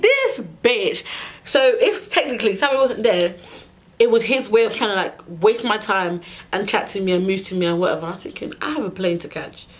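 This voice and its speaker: A young woman telling a storytime rant to her vlog audience, exasperated and animated, acting out the people she argued with. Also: medium pitch. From United Kingdom. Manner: exasperated, animated retelling with acted-out dialogue. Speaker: vlogger.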